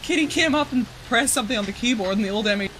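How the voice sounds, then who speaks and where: A woman live-streaming a game from home, with a bright, forceful voice. She chats loosely and giggles often, turning between her viewers and her pets. Faint music plays behind her. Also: on the high side, rapid-fire. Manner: chatty, giggly, talks to pets and chat. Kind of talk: casual live-stream chatter while playing.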